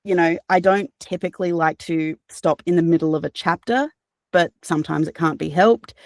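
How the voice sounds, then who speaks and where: A woman's voice: fairly low pitch, normal speed, dry recording, clean studio sound. A woman with an Australian accent, a narrator and voice actor, talking earnestly in an interview, with many fillers and restarts. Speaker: guest, audiobook narrator and voice actor. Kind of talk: casual interview chat.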